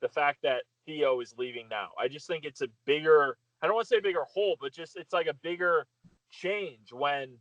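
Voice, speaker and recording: A man's voice: a little high, normal speed, fairly bright tone, no room sound, rough recording. A man guesting on a casual podcast, effusive and enthusiastic, often restarting his sentences.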